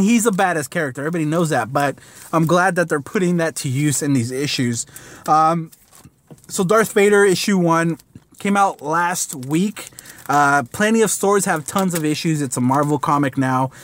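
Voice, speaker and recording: Rambling man reviewing comics. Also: on the high side. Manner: rambling, lots of fillers and slang. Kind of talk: casual comic review vlog.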